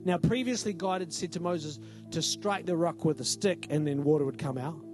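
A man's voice: a little high, normal speed, music in the background. A male pastor giving a conversational, emphatic sermon in a church and often asking the congregation "right?".

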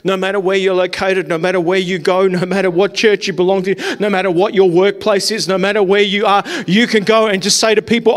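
In a church hall full of congregants, a male pastor delivers an impassioned sermon, hammering his points again and again with rhetorical questions. He speaks a little fast with few pauses, his high voice keeping a level tone.

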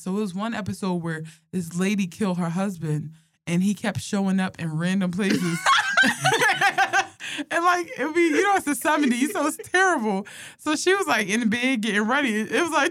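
Speaking fairly quickly in a mid-range voice, a young woman swaps funny stories about her life in casual conversation. She laughs often, swears freely, and keeps the storytelling animated.

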